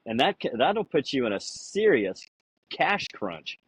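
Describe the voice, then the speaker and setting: A man in a casual podcast conversation, rambling through anecdotes with lots of "you know" and acting out quoted lines in a higher voice. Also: sing-song, a little slow, husky, dry recording, rough recording. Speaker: podcast guest.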